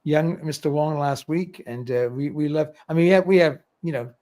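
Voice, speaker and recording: A man's voice: a little high, normal speed, a little mellow. A middle-aged man hosting a livestream, chatting casually, reading viewer comments aloud and laughing often. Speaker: livestream host.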